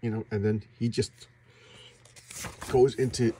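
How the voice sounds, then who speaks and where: A man excitedly retelling a comic book story in a casual recap, acting out the characters and making boom sound effects. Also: a little slow, a little hiss or hum.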